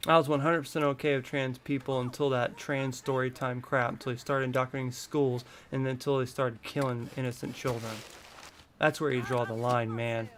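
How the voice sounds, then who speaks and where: A man's voice: mid-range voice, level tone, fairly quick, slight background noise. A man in his thirties from the United States, delivering a heated, profane vlog rant full of repetition. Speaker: vlogger. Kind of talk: angry political rant.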